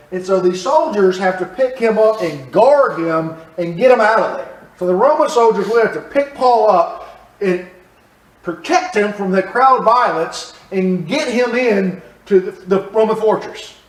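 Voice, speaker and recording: A man teaching a church Bible study class, talking conversationally and quizzing his listeners as he explains the passage. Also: sits high. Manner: conversational, asks the class questions. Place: church room. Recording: roomy, from a distance.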